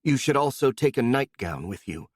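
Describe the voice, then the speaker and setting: A man voicing a calm, matter-of-fact young woman with a sly, sarcastic edge, in an audiobook. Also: medium pitch, moderate pace, dry recording, voice pushed up. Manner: calm, dry, a bit sarcastic.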